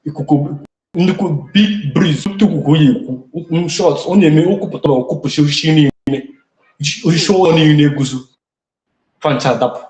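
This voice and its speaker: A man with a Nigerian accent calling in to a livestream, talking in a hesitant, halting way. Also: fairly high pitch, darkish tone, roomy sound. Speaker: caller. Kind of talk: casual call-in talk.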